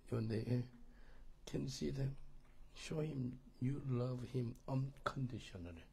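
A man's voice: medium pitch, unhurried, vocal fry, warm tone, a little hiss or hum. A middle-aged man with a Korean accent, a pastor teaching a marriage course in sermon style, emphatic and repetitive, often checking that listeners understand.

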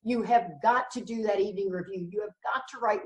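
A middle-aged recovery meeting speaker talks briskly in a mid-range voice, candid and blunt, with emphatic points and wry jokes. The sound comes from a distance through the mic in an echoey room.

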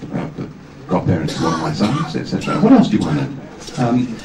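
A man telling anecdotes as a guest at a fan convention. He has a fairly low but very animated voice and is self-deprecating, and he restarts his sentences often. The amateur video catches him from far away in an echoey hall, with noise underneath. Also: quick pace, creaky, a loud crowd. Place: large hall with audience. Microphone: far camera, amateur video.

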